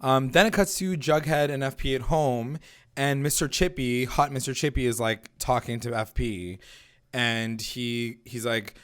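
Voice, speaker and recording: A man's voice: mid-range voice, measured pace, a bit bright, clean tone. A man co-hosting a TV recap podcast, chatting loosely and swearing, often acting out the characters' lines. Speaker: podcast co-host. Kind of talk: casual recap chat.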